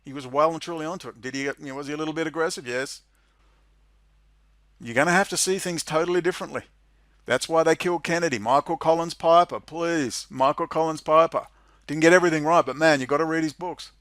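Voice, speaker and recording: A man's voice: fairly high pitch, fast, no room sound, studio quality. A middle-aged man with an Australian accent gives a sarcastic, mocking monologue, reading out legislation and commenting on it. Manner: sarcastic, mocking, swings into loud incredulous laughter. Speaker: political commentator.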